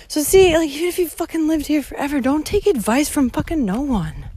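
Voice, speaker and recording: A woman's voice: high-pitched, very animated, moderate pace. Profane ranting woman vlogger outdoors. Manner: profane, rambling, swings from loud outbursts to quiet asides. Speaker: vlogger hiking a long-distance trail. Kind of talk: ranting monologue to the listener. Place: outdoors on a walking route.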